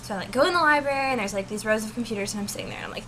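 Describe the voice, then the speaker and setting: A young adult woman telling a story in a casual vlog, chatty and animated, filling her talk with "like". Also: fairly high pitch, rapid-fire, a little hiss or hum. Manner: chatty, animated, says "like" constantly. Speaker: vlogger. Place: college dorm room.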